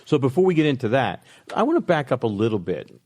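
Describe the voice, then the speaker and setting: A man's voice: mid-range voice, very animated, fast, a little mellow. A man hosting a casual interview, giving short encouraging replies and asking follow-up questions. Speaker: podcast host.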